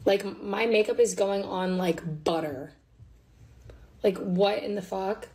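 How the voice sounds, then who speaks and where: A woman's voice: medium pitch, steady tone, slow pace, a little mellow. Hungover young woman, swearing vlog chat. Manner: hungover and swearing, rambling with lots of "like". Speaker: vlogger. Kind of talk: casual get-ready-with-me vlog. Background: music.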